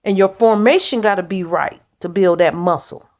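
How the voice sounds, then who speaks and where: A woman's voice: mid-range voice, normal speed, a little mellow. A woman church leader preaching informally in a blunt, direct, plain-spoken way.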